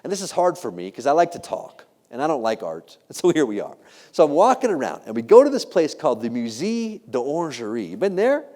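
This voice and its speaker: A middle-aged man delivers a keynote with a fairly high, very lively voice that swoops up and down as he jokes. He tells stories to a live audience and acts out the voices of the people in them. His voice rings with the long reverb of a large hall. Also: a little fast. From United States. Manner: animated, jokey, acts out quoted voices. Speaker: keynote speaker. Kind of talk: motivational keynote storytelling.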